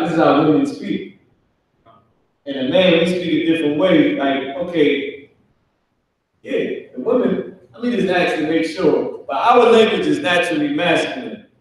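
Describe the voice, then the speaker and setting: A man teaching a casual class in a loose, conversational way, acting out family scenes in quick character voices. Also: on the high side, a little mellow. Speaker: Hebrew language teacher. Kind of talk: casual live online class. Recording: very echoey room, voice from a distance.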